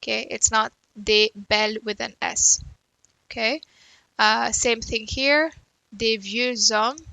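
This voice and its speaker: A woman's voice: a little high, steady tone, slow pace, vocal fry, sharp tone, poor audio. A woman teaching a French grammar lesson in English, explaining step by step and checking in with "right?" and "okay". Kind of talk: recorded grammar lecture.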